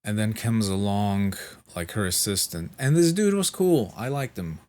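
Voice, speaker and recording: A man's voice: lowish voice, animated, normal speed, darkish tone. A sleep-deprived man vlogging, telling a rambling story in casual chat, swearing freely and restarting his sentences.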